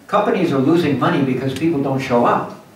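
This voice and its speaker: A man giving a lively motivational lecture at a symposium, acting out little scenes for his audience. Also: mid-range voice, quick pace, a little hiss or hum. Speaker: guest speaker at a symposium. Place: university lecture hall. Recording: echoey hall from far off.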